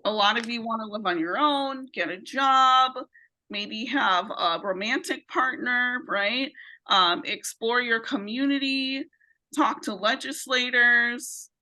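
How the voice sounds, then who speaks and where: Woman facilitator on a video call, fairly high and bright, encouraging, keeps asking "right?". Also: slow pace, poor audio. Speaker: training facilitator. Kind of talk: virtual training lesson.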